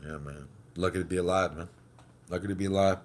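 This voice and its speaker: A man's voice: deep voice, fairly even intonation, fast talker. A man vlogging casually after a car wreck, banged up, telling a rambling, profane, heated story. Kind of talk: casual vlog monologue.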